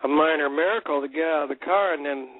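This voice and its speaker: A man's voice: fairly high pitch, fast talker, dry recording. An older man with a Nashville drawl, a songwriter telling long, folksy stories as a guest on a radio call-in show. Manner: folksy, laughs easily, long rambling anecdotes. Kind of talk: casual radio interview. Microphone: phone call. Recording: tinny phone line.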